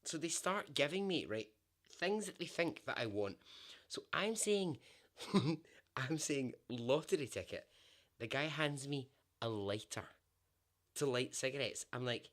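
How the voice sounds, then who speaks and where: A Scottish man spinning a yarn for his podcast in a relaxed, chatty way. His voice sits at an ordinary pitch, and he laughs easily and slips in the odd swear word. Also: unhurried. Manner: animated, laughs often, swears. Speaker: podcast host and storyteller. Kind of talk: casual spoken storytelling.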